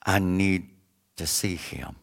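A man voicing a weary, desperate poor pastor who pleads quietly in a low voice. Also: takes it slowly, vocal fry, heavily acted. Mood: pleading. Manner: pleading, subdued.

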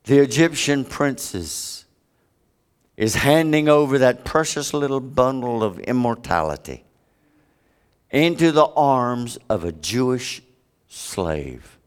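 A man preaching a sermon, with big dramatic swings from loud high peaks to hushed low stretches. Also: lively intonation, takes it slowly, clean tone.

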